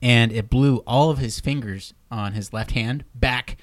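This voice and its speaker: A man's voice: medium pitch, unhurried, no room sound. A man co-hosting a podcast, chatting casually and wandering off into tangents and personal stories. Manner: rambling, tangent-prone storyteller. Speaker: podcast co-host.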